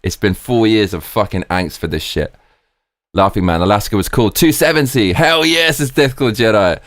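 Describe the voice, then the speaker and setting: A man hosting a live stream, excitedly reading viewer comments aloud and swearing freely. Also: on the low side, normal speed, dry recording, studio quality.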